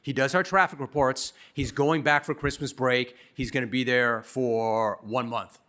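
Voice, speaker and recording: A man voicing a brisk, matter-of-fact male radio station boss in a spoken anecdote. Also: mid-range voice, fairly even intonation, pushed and bright.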